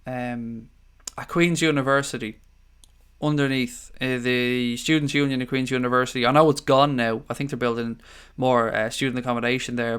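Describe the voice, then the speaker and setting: An Irish man hosting a late-night live stream, rambling easily through viewer comments. His voice is smooth and clear, pitched at an everyday middle, with a tired edge. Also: steady tone, moderate pace, a bit bright. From Ireland. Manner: chatty, rambling, calls viewers mate. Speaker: livestream host. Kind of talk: casual live stream chat reading comments.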